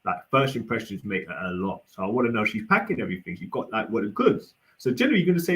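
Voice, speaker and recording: Speaking as a guest on a livestream panel during a casual debate, a young man rambles and hesitates, full of restarts and fillers. His voice is fairly low, sing-song, quick and a bit bright, and the recording is rough.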